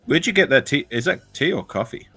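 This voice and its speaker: A man from Australia co-hosting a casual live-stream chat, teasing the host and halting often on fillers. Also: on the high side, animated, bright, forceful tone, husky, faint music behind.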